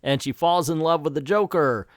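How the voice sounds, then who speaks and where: A man's voice: a little high, moderate pace, no echo, studio quality. A man hosting a casual comic book review, talking in a chatty, enthusiastic way with asides.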